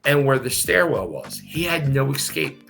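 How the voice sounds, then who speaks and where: A man's voice: mid-range voice, very animated, moderate pace, vocal fry, fairly bright tone, faint music behind. A middle-aged man, a former wrestler guesting on a podcast, telling wild stories in a casual, profane way, laughing and repeating himself. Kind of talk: casual storytelling.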